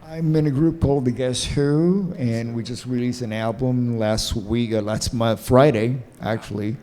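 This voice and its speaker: A man's voice: mid-range voice, steady tone, a little slow, warm tone, a little hiss or hum. A man in his sixties from Cuba with a Cuban-New Jersey accent, chatting and telling stories as a guest on a convention panel. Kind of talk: casual storytelling on a convention panel.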